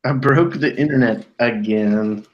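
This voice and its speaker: A man's voice: mid-range voice, a little slow, dull audio. A man chatting casually on a live stream, joking and swearing as he shows off old items. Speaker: co-host showing items.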